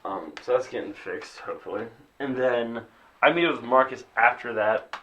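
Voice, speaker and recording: A man's voice: medium pitch, normal speed, a bit bright. A young man co-hosting a podcast, telling a rambling story with a laugh and acting out what people said. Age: young adult. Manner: rambling, laughing, acts out quotes. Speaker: podcast co-host. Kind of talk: casual storytelling chat.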